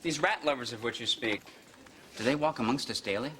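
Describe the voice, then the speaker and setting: A man's voice: mid-range voice, brisk, natural voice. An actor playing a polite young male office boss who slips in dry sarcasm, from a sitcom. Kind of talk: sitcom acting. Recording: noisy TV episode with clicks.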